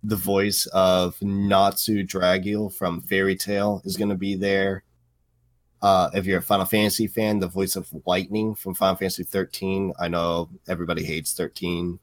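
A man's voice: low-pitched, flat delivery, moderate pace, no echo. A young married man co-hosting a podcast, rambling with lots of fillers and blunt swearing. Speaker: podcast co-host. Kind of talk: casual podcast chat.

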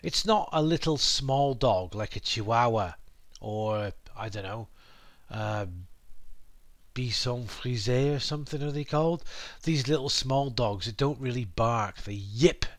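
A British man talks into a computer mic at his desk at home. His voice sits in a middling register, and the sound is dry and close with no room echo. He rambles casually, pausing on fillers and asides. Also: mid-range voice, expressive. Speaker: podcast host. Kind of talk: casual monologue explaining English words.

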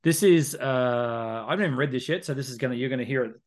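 A man's voice: medium pitch, fast. A man, co-hosting a casual podcast chat and telling stories with frequent laughs. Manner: chatty storyteller, laughs often. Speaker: podcast co-host.

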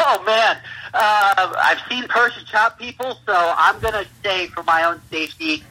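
A man with a very bright, husky voice rambles through his road stories and laughs as he talks. It sounds like a phone line. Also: high voice, unhurried. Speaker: pro wrestler, interview guest. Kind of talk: casual interview talk.

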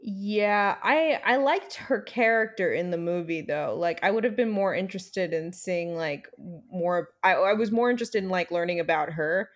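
A woman's voice: lowish voice, animated, moderate pace, hardly any pauses. A woman co-hosting a podcast in casual chat, blunt and sarcastic, swearing freely. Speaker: podcast co-host.

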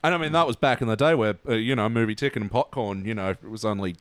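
A man's voice: fairly low pitch, fast talker, no echo. A man, a guest on a casual podcast, rambling with fillers and laughs.

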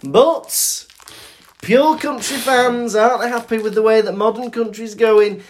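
A man's voice: very high voice, a little slow. A man co-hosting a podcast, chatting casually and jokingly, mimicking sounds as he explains. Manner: animated, jokey, imitates sounds while explaining. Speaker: podcast co-host. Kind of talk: casual chat.

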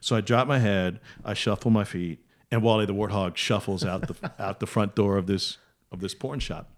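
A man's voice: lowish voice, moderate pace. A man telling a funny story on a podcast in a casual way, acting out other people's voices as he goes. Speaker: podcast guest.

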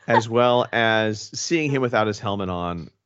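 A man's voice: on the low side, a little slow, fairly bright tone, clean tone, dull audio. A man co-hosting a casual podcast chat, rambling with many restarts and the odd swear word. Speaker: podcast co-host.

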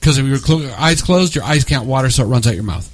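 A man co-hosting a radio show, telling animated stories, laughing often and acting out both sides of a quarrel. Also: medium pitch, quick pace. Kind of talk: casual radio banter.

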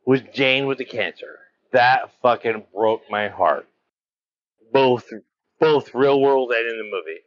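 A man's voice: mid-range voice, a little slow, no room sound, highs cut off. A man co-hosting a podcast in casual chat, blunt and emphatic, swearing a lot. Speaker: podcast co-host.

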